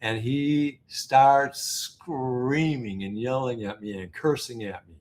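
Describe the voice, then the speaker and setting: A man, an interview guest, telling a story in a casual, halting way, full of fillers and restarts. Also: medium pitch. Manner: animated, laughing storyteller. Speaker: interview guest, business founder.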